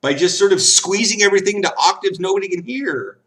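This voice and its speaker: A man's voice: sits high, quick pace, bright, forceful tone. A man chatting casually while he plays games on a stream. He is tipsy, rambles, jokes and giggles as he goes. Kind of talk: casual chat while gaming.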